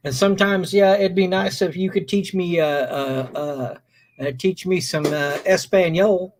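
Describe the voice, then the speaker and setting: Joking man with a fairly high voice. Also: fairly even intonation. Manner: joking, drawn-out fillers. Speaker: stream host. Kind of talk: casual chat. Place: home streaming setup.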